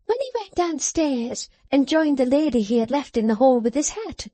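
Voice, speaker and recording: A woman reading an audiobook, voicing a small, sharp-tongued dressmaker with sly spite. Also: high voice, expressive, normal speed, no room sound, pitched above the performer's own voice. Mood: tart. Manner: tart, sly.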